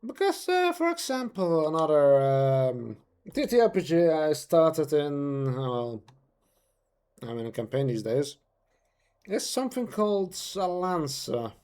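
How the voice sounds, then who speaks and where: A man's voice: a little high, big pitch swings, unhurried, darkish tone, smooth. A man chatting casually on a live stream, rambling playfully with lots of fillers as he talks about his voice-acting hobby.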